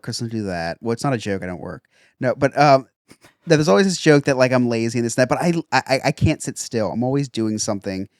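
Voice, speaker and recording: A man's voice: medium pitch, dry recording, clean studio sound. A man co-hosting a podcast who tells stories in casual chat, laughing often and restarting his sentences. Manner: animated storytelling, frequent laughter and restarts. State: resting an injured ankle. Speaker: podcast co-host.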